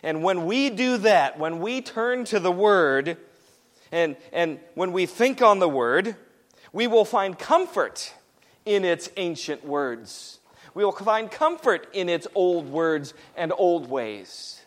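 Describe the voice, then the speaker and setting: High-voiced preacher in a reverberant hall. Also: male voice, expressive, takes it slowly. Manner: emphatic, repetitive preaching. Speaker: pastor. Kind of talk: sermon.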